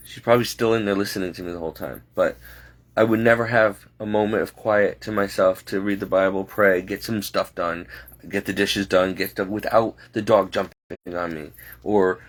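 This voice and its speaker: A man's voice: low voice, fairly even intonation, moderate pace. A man, a home caregiver, rambling and exasperated as he vents in a late-night vlog. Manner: talking to himself, restless and frustrated.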